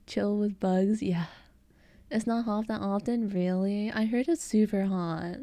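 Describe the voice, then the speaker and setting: An American streamer from the United States with an Eastern American accent chats casually with her live chat, giggling often. Her mid-range voice is steady and warm, and she speaks at a measured pace. The recording is dry.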